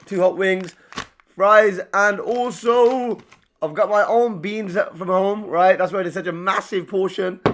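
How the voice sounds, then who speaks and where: A man's voice: high-pitched, a bit bright. A young man, chatting casually to camera while eating in a mukbang vlog. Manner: chatty, eats between lines. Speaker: vlogger.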